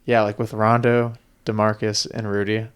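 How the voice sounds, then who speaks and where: Smooth-voiced man chatting as a podcast co-host. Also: fairly low pitch, little pitch movement, normal speed. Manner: eager, rambling fan talk with many fillers. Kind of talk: casual sports chat.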